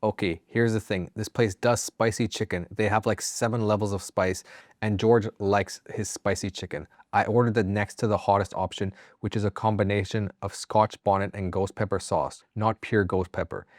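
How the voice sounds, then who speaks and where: A man's voice: fairly low pitch, fairly even intonation, moderate pace, a little mellow, dry recording, clean studio sound. A man reading online stories aloud as a channel host, breaking in with casual, profane, joking asides. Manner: casual, swears freely, jokey asides. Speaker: story narrator and channel host.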